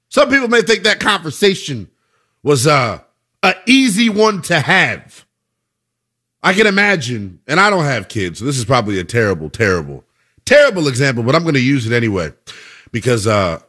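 A man's voice: medium pitch, fairly bright tone. A man hosting a sports talk radio show, delivering an emphatic, conversational monologue full of rhetorical questions.

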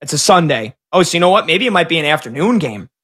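Bright excited sports-talk man. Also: on the high side, breathy edge. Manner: excited, fast-reacting play-by-play recaps. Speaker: sports betting show host.

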